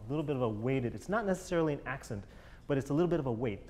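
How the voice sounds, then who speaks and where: A man's voice: mid-range voice, lively intonation, racing, a little mellow, a little hiss or hum. A man coaching a chamber group in a master class, encouraging and jokey, singing musical phrases to show the players how they should sound.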